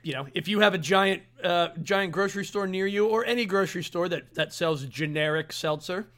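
A man co-hosting a podcast with a high, bright, forward voice. He chats with enthusiasm and keeps repeating the start of his phrases before landing on a thought. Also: fairly quick. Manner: enthusiastic, stumbling restarts. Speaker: podcast co-host. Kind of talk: casual chat.

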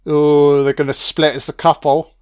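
A man's voice: a little high, little pitch movement, moderate pace, darkish tone, clear, resonant tone. A man giving a casual, profane audio commentary on a film, chatting loosely and laughing often.

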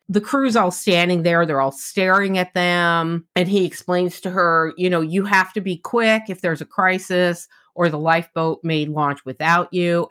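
A woman with a fairly low voice recaps a novel for a book podcast. She talks casually and animatedly, slipping into the characters' lines, and is blunt and profane. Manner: animated retelling, acts out quotes, candid and profane.

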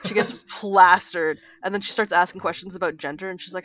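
A woman's voice: fairly low pitch, fairly quick. A woman co-hosting a casual podcast, telling stories with acted-out quotes, laughing and swearing freely. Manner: animated storyteller, acts out quotes, laughs often, swears. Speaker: podcast co-host. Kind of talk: casual chat.

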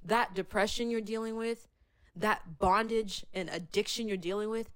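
A woman's voice: medium pitch, fairly even intonation, moderate pace. Fervent woman talking about faith. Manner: fervent, emotional, acts out God's words softly. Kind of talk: casual faith chat.

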